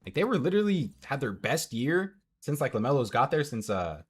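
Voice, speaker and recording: A man's voice: medium pitch, sing-song, a little fast, husky. A young man streaming from home into a headset mic, casually commenting on a match and answering chat. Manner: chatty, reads out and answers chat.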